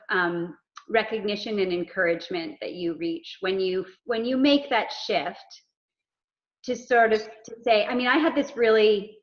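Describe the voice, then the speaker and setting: A woman, an executive coach, talking in a casual interview and telling stories with acted-out dialogue. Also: fairly high pitch. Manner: animated storyteller acting out dialogue. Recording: dull lo-fi sound.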